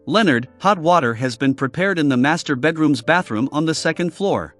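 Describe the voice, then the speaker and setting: Audiobook: a man reads a commanding captain, lively delivery. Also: fairly high pitch, moderate pace, soft background music. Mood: urging. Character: commanding male captain of night guards.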